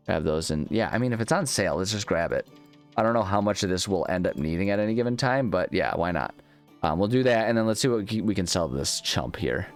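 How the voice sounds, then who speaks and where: Rambling, jokey man with a low voice. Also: animated, a little fast, faint music behind. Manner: jokey, rambling, self-mocking. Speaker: gaming channel host. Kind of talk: let's play commentary.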